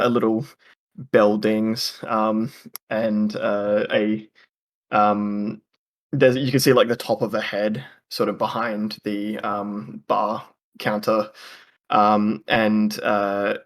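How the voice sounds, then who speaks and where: A man narrates a tabletop fantasy game as game master. He speaks slowly in a fairly low voice and pauses constantly with ums and likes. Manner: hesitant, full of ums and likes.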